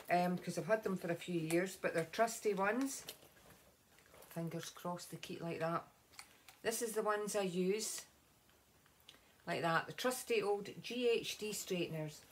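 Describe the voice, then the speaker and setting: A woman's voice: medium pitch, fairly bright tone, slight background noise. A Scottish woman chatting casually in a home beauty vlog, rambling with many ums and asides. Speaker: vlogger.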